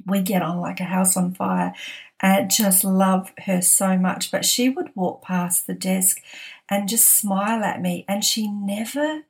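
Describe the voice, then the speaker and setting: A woman's voice: medium pitch, unhurried. A middle-aged woman, casually telling a personal anecdote, laughing often and acting out the voices of the people in it. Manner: lively, laughs often, acts out quoted voices. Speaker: podcast storyteller.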